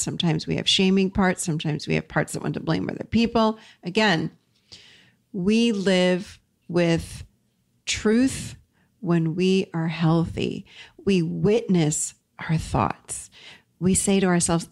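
A woman's voice: lowish voice, vocal fry. A middle-aged woman hosting a self-help show, talking earnestly through a numbered list of points. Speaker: podcast host.

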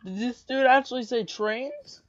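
High-voiced man teasing over gameplay. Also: fairly bright tone, muffled recording. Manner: teasing, exasperated, quick to exclaim. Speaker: gameplay commentator. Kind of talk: casual gaming commentary.

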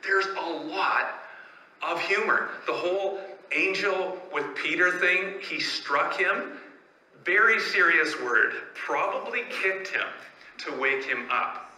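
A man's voice: on the high side, pushed and bright. A man preaching a sermon as pastor, telling stories and asking rhetorical questions in a conversational way. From Canada. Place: church sanctuary. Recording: echoey church room, faint ambience.

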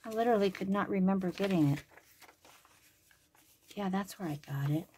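A woman vlogs from her home craft room, chattering to herself and thinking aloud as she makes things, every so often lowering her voice to a whisper. Her voice is mid-range and dark in tone at a normal speed, with a little hiss or hum in the recording.

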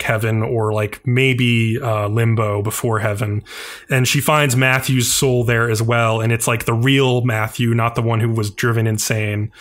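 A man retelling a cartoon episode on a podcast in a relaxed, rambling way. His voice sits at an ordinary middle pitch, and he leans on filler words as he goes. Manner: loose, filler-heavy storytelling with many "like"s. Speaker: podcast co-host. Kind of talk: casual chat, recapping an anime episode.

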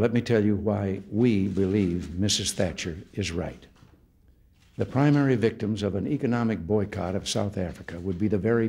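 A man in his seventies from the United States speaks at a podium in a formal state room, laying out a policy address in slow, deliberate phrases. His voice is husky and sits a little low. The delivery is that of a practiced speaker reading a prepared text. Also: a little mellow. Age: 70s. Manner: measured, deliberate oratory in short phrases. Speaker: head of state giving an address.

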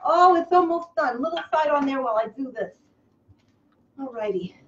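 A woman hosting a comic live cooking show from a kitchen, over-the-top excitable, breaking into squeals and gushing. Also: high-pitched, normal speed. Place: home kitchen. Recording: echoey kitchen, slightly dull, faint hiss.

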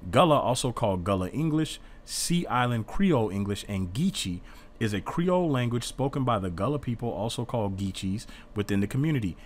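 A man's voice: medium pitch, animated, a little fast, a little hiss or hum. A man teaching an informal Bible study in an earnest, defensive way, reading passages aloud and explaining them.

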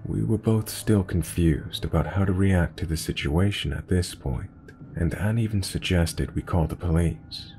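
A man narrating a scary story in a steady, measured reading voice. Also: deep voice, slight background noise. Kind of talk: scripted narration.

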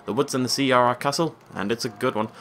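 A man voicing a gruff, blustery old male village chief from a video game, speaking in a folksy, boastful way. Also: medium pitch, fast talker, fairly bright tone, a little hiss or hum, lightly acted. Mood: folksy, blustering.

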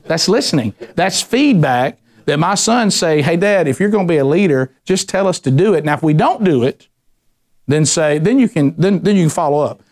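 A middle-aged man teaching a men's Bible study, telling lively stories and acting out voices. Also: a little high, normal speed. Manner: animated storyteller, acts out voices, ranting bursts.

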